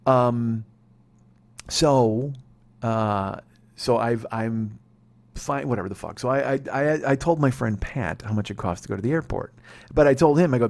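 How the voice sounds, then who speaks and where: A man's voice: medium pitch, moderate pace, gravelly, darkish tone. A man in his forties, a comedy podcast host telling a rambling, profane, sardonic story. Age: 40s.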